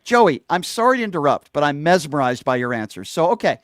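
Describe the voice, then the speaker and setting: A man's voice: fairly high pitch, sing-song, a little fast, fairly bright tone, no room sound, clean studio sound. A male talk show host arguing with a caller, hectoring, insulting him and repeating the same question. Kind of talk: heated call-in argument.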